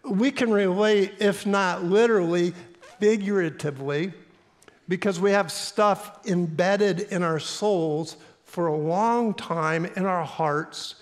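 A middle-aged pastor with a Midwestern accent, telling a story in a sermon in an earnest, halting way with fillers. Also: male voice, high-pitched. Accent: American Midwestern. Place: church sanctuary. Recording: long hall reverb in a church.

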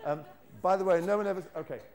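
A man's voice: high voice, fast talker, a little mellow. A British man leading a live workshop, playfully coaxing the audience to repeat lines after him. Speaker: teacher trainer leading a workshop. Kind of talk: live classroom demonstration. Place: lecture hall with an audience.

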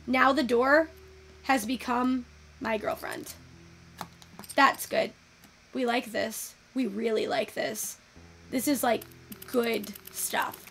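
Gushing, chatty woman with gravelly fry. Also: fairly high pitch, a little hiss or hum. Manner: chatty, swearing, gushing, easily excited. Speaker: virtual photography creator. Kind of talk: casual gameplay commentary.

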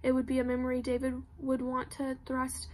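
A woman giving plain, even scripted narration of a novel as an audiobook reader. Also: sits high, a little fast.

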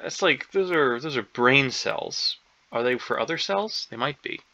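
Gravelly man muttering through a puzzle. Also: mid-range voice, lively intonation, unhurried, sharp tone, no echo. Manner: hesitant, unsure, many ums and self-doubts. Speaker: crossword solver. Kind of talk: thinking aloud while solving a puzzle. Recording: dull lo-fi recording.

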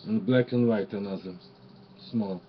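A man speaks slowly and haltingly in a lowish voice, naming each gift as he unboxes it and filling his pauses with "uh". The sound is dull and lo-fi, with a faint outdoor hum of birds and insects behind him. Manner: halting, pauses with many "uh" fillers while naming items. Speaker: crafter showing gifts. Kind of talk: unboxing show-and-tell.

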